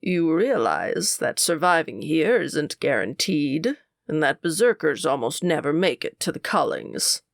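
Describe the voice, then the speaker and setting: A woman voicing a stern male school official who speaks in a cold, condescending, lowered voice. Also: big pitch swings, measured pace, vocal fry, no room sound, studio quality, heavily acted. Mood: scornful.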